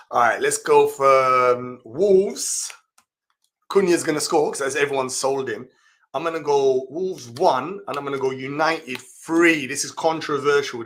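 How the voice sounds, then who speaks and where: A man hosting a live fantasy football stream, reading out viewer comments and reacting with laughs and exclamations. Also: medium pitch. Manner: chatty, laughs often, reacts loudly to comments.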